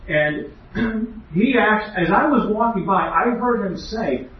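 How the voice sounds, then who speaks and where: A man's voice: high-pitched, animated, takes it slowly. A man giving an earnest, emphatic doctrinal lecture as a preacher, with rhetorical questions. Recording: echoey hall, distant, muffled.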